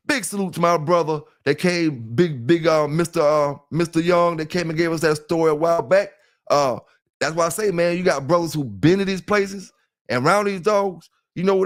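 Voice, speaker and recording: High-voiced talkative Southern man. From South Carolina. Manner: loose and talkative, keeps saying "you know what I'm saying", greets chat members. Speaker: livestream host. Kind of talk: casual livestream talk.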